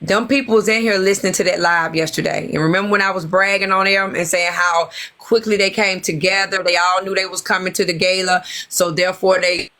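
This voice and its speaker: A woman guest on a livestream, telling her theory of some gossip in an animated, conspiratorial way and checking in with the listeners often. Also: on the low side, a little fast, few pauses. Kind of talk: casual gossip commentary.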